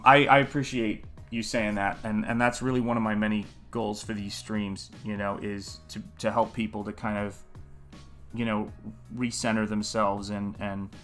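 A man's voice: on the low side, a bit bright. A man hosting a live painting stream, talking in a casual, earnest, musing way and greeting viewers in the chat by name.

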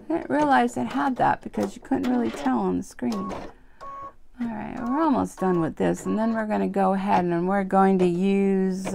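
A woman's voice: medium pitch, gravelly, background noise. A tired woman hosting an embroidery vlog, chatting in a rambling, self-deprecating way with lots of fillers while she works. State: tired, yawning. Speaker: embroidery channel host. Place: home sewing room, sewing machine running.

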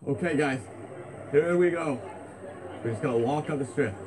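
A breathless, hyped man vlogs on a busy street and keeps repeating himself. His voice sits a little high for a man. Loud street noise surrounds him. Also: normal speed. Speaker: parody vlogger host. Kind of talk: comedic vlog chatter.

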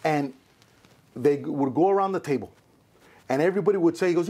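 A man hosting a podcast, telling anecdotes with energy and jumping into quoted voices. His voice is husky and sits fairly high. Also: a little fast. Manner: animated storyteller, acts out quoted voices; bald. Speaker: podcast host. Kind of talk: casual interview storytelling.

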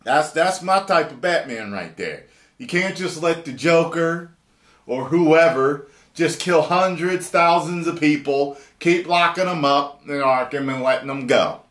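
A man giving excited, profane, rambling video commentary and reading an article aloud. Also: fairly high pitch, a little slow. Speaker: YouTube commentator. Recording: roomy echo.

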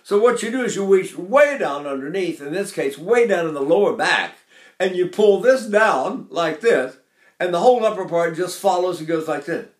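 Older male vocal coach, higher speaking pitch, echoey classroom sound. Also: expressive, moderate pace. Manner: talks to his class, breaks into brief sung and nasal demonstrations. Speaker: voice teacher. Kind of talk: vocal lesson with sung demonstrations.

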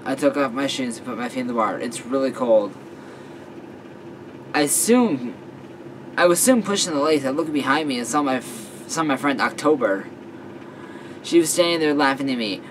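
Halting young man reading a story aloud. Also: medium pitch, a bit bright, a little hiss or hum, low-quality recording. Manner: halting, with fillers and self-corrections. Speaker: story reader. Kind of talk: casual reading of a fan story.

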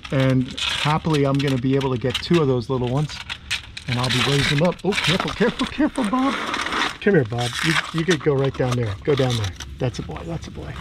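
A man's voice: on the high side, background noise. Enthusiastic New York man feeding lizards. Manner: enthusiastic, talks to the lizards like pets. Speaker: reptile keeper and channel host. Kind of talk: casual outdoor vlog narration while feeding animals.

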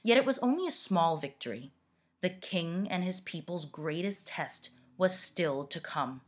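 A woman teacher reading a picture book aloud to students, expressive and deliberate. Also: on the low side, slightly rough.

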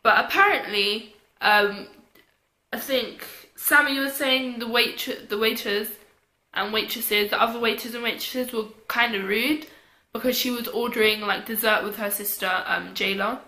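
Bright chatty young woman. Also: fairly high pitch, steady tone, unhurried, roomy sound. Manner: chatty, lots of fillers. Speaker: vlogger. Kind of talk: casual storytime.

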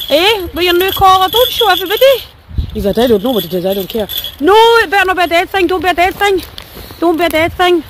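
A woman's voice: sits high, a little hiss or hum, poor audio. A Scottish woman vlogging while walking a pack of dogs outdoors, cooing at them in a sing-song voice. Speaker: dog walker vlogger. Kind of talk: chatty narration to camera. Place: outdoors in woods on a rainy day.

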